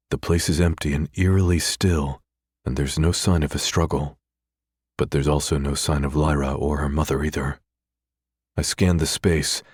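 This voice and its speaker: A man's voice: extremely low pitch, a little mellow, dry recording, studio quality. A man narrating a first-person romance audiobook in a tense, brooding way.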